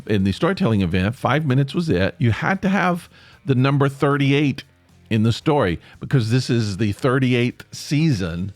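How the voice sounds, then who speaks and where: Podcast host, Appalachian man, low-pitched voice with lively, swinging intonation; rambling, self-correcting delivery, dry close recording. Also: no echo. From East Tennessee. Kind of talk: casual monologue.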